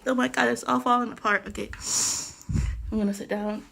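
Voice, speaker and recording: A young woman vlogging casually about a book she is reading, animated and exclamatory, talking from a small closet. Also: fairly high pitch, fairly quick, gravelly, long pauses. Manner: animated, exclamatory, chatty with frequent "like". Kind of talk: casual reading reaction vlog. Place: small closet next to a bathroom.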